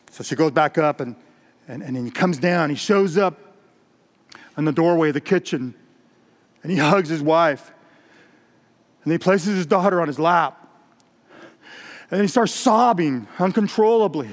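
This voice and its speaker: A man's voice: fairly high pitch, normal speed, in a large hall. A man preaching a sermon, retelling a story with acted-out voices and closing in prayer. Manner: acts out voices in the story, rising to emotional peaks. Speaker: pastor.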